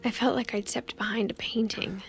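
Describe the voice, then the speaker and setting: A woman voicing a reflective young narrator in a game, speaking quietly in a hushed way. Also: a little high, steady tone, normal speed, crowd noise, natural voice. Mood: wistful. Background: game music.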